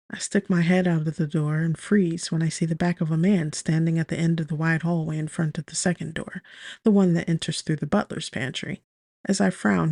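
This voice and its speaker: Female narrator, bubbly first-person romance read, vocal fry, dry close studio sound. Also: no echo. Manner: lively, bubbly, with sudden high exclamations. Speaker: audiobook narrator.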